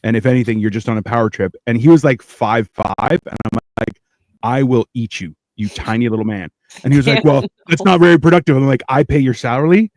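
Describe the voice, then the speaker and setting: A man's voice: mid-range voice, a little fast, no room sound, studio quality. A man from Canada on a casual comedy podcast, telling brash stories and acting out quotes. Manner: brash storytelling, acts out quotes loudly. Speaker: podcast co-host.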